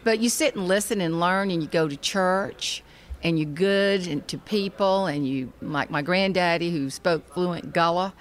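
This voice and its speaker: A woman from South Carolina with a Southern US accent, a guest author and humorist telling stories in a lively, folksy way. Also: on the low side, a little slow. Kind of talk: casual interview chat.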